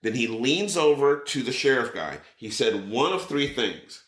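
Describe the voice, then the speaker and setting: A man with a bright, forceful voice spins an excited story in casual chat, swearing as he goes and slipping into other people's lines. His voice rings in a roomy, echoey space. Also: mid-range voice, unhurried. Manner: animated, swears freely, acts out quotes. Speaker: podcast guest, drummer.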